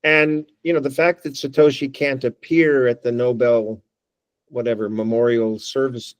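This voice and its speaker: Here the man's mid-range voice barely moves in pitch, at normal speed on a dry recording. Presenting to a working group as a guest speaker, he thinks out loud, adds wry asides, and keeps restarting phrases as discussion unfolds.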